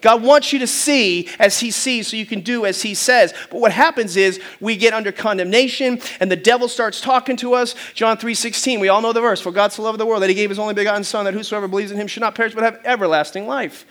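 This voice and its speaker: Speaking quickly with hardly any pauses, a high-voiced male pastor preaches through funny stories, silly voices, and audience call-and-response. Loud bursts of preaching punctuate his animated storytelling.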